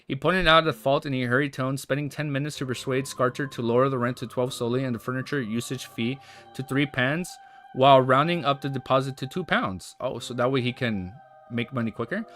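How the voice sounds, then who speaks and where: Bright-voiced male streamer reading aloud. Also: mid-range voice, brisk. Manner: reads narration steadily, then breaks off into excited chatty reactions. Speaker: livestreamer. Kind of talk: reading a web novel aloud on stream with reactions.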